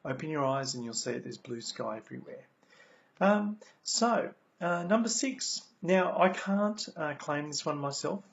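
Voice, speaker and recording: Earnest Australian man, gravelly voice. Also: a little high, animated, unhurried. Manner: earnest, repeats key phrases, many ums. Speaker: speaker sharing recovery lessons. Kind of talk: motivational talk. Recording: dull lo-fi recording.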